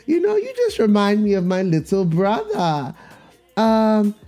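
A man voicing an awkward, blunt female office coworker with a high, halting, exaggerated put-on accent. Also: fairly even intonation, creaky, a little mellow, exaggerated voice.

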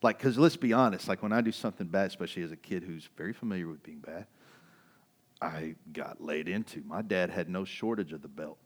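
Low-voiced pastor preaching conversationally. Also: male voice, a little fast. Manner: conversational, laughing, swings from loud excited to low quiet. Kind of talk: sermon.

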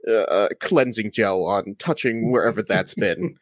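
A man's voice: fairly low pitch, animated, unhurried, no room sound. A man voicing a fussy, germ-fearing male medic who talks in a prim, squeamish way. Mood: prissy.

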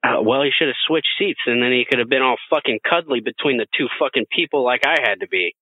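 A man's voice: medium pitch, fast talker, no room sound. A man co-hosting a podcast, telling a story in casual, profane chat with frequent laughter. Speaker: podcast co-host. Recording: dry, phone-like narrow sound.

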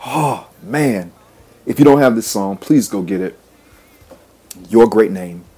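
Low husky-voiced man preaching. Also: animated, slow pace, mellow. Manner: repetitive, rhythmic, emphatic preaching with affirmations. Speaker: podcast host and preacher. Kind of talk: motivational sermon.

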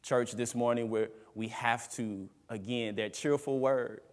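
A man preaching a sermon as pastor, emphatic, swinging between loud rises and quiet drops. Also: medium pitch, steady tone, unhurried, big-room sound. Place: church sanctuary.

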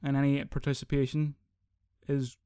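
A young man hosts his own podcast in a casual solo rant, swearing a lot, rambling and animated. His voice is medium-pitched, clear and resonant at a normal speed, with clean studio sound and no echo.

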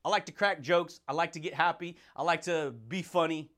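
A man's voice: on the high side, a little fast, a bit bright. A man hosting a motivational podcast, hyped and slangy, laughing often and calling listeners baby and dude. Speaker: podcast host.

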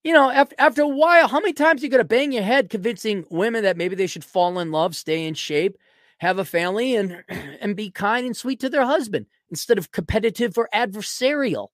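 A man hosting a podcast, delivering a blunt, mocking solo rant and often clearing his throat. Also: sits high, lively intonation, brisk, fairly bright tone, no echo, studio quality. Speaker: podcast host. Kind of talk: ranting solo commentary.

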